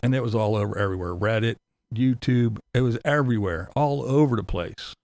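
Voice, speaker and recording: A man's voice: fairly low pitch, a little fast, a little mellow, no echo. A man giving a sarcastic, profane ranting commentary as a YouTube commentator.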